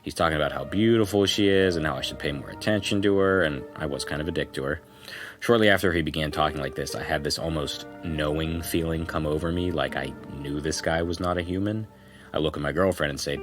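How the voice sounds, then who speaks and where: A man's voice: a bass voice, brisk, fairly bright tone, faint music behind. A man co-hosting a podcast, reading a forum post aloud as a first-person story, with casual conversational asides. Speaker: podcast co-host.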